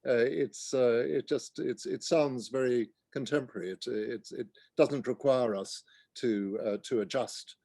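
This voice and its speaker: A man who is a guest author in a literary conversation, thoughtful and halting, restarting his sentences often. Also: medium pitch, fairly even intonation, creaky, mellow, no echo.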